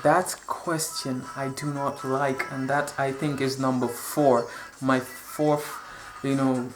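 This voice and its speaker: Animated young man telling stories. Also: mid-range voice, slow, echoey room, music in the background. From Dominica. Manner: animated, repeats words, acts out quotes. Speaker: vlogger. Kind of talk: casual storytelling vlog.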